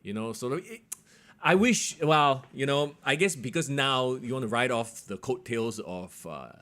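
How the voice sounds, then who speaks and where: A man, co-hosting a casual wrestling podcast, excitable and quick to laugh. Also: mid-range voice. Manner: animated, excitable, laughs often. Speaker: podcast co-host. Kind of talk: casual wrestling review chat.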